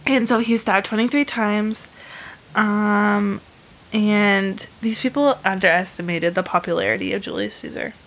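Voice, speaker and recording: A woman's voice: medium pitch, steady tone, moderate pace, fairly bright tone. A woman hosting a casual chat, telling a history story in a rambling, chatty way full of fillers and bursts of humor. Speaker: host.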